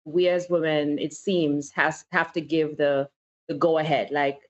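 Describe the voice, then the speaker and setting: A woman with a very low, deep voice talks candidly on a casual podcast panel, telling stories from her own life and laughing easily. The recording is a little dull and lo-fi. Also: little pitch movement, unhurried, darkish tone. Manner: candid, storytelling, laughs often. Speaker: podcast co-host. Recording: slightly dull lo-fi sound.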